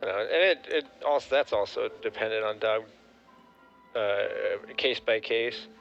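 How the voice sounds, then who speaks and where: A man's voice: on the low side, moderate pace, fairly bright tone, dull audio, faint music behind. A man co-hosting a casual podcast, chiming in easygoingly and agreeing with his friend. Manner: laid-back, chiming in with agreement. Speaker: podcast co-host. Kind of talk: casual chat.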